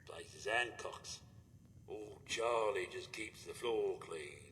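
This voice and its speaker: A man's voice: on the low side, lively intonation, takes it slowly, a bit bright. A man voicing a brash robot bartender with a London accent, a slangy haggling hustler. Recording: game audio with reverb and faint hiss.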